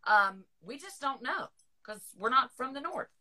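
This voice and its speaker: A woman's voice: sits high, sing-song, a little slow, bright, forceful tone. A middle-aged woman with a Southern US accent, hosting a podcast in a chatty, rambling casual conversation, laughing often. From Northern Virginia, USA. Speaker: podcast host. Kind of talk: casual chat.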